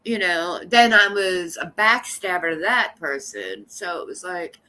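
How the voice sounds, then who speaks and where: A woman's voice: fairly low pitch, animated, measured pace, sharp tone. A woman live streamer chatting casually with her viewers, rambling and blunt, coughing now and then from allergies. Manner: rambling, blunt and gossipy, talking straight to chat.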